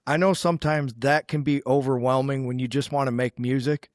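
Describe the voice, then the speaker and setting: A man's voice: medium pitch, steady tone, brisk, dry recording, studio quality. A man co-hosting a podcast, talking casually and giving encouraging advice to bands. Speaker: podcast co-host. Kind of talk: casual chat.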